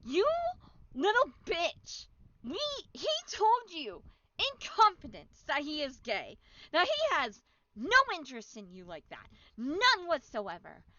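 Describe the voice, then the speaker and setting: A woman streamer playing a game, reacting out loud and swearing a lot. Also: sits high, wildly swooping pitch, slow, no room sound, highs cut off. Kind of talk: let's-play commentary.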